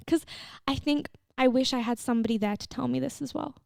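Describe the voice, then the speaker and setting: Tearful young woman, gravelly podcast pep talk. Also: high voice, a little fast, a little mellow, no room sound, studio quality. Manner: frank and swearing, affectionate pep talk. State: tearful, emotional. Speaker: podcast host. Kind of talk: solo motivational podcast talk.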